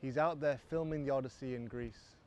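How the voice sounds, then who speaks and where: A man's voice: medium pitch, fairly even intonation, fairly quick, darkish tone, slight background noise. An English man with a posh accent, a filmmaker musing in a rambling, self-mocking vlog monologue recorded outdoors. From England. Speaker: filmmaker, vlogger.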